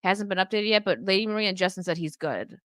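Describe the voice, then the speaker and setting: Chatty bright-voiced woman guest. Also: mid-range voice, fast, dry recording, clean studio sound. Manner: chatty, lots of likes and restarts, laughs easily. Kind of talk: casual livestream chat.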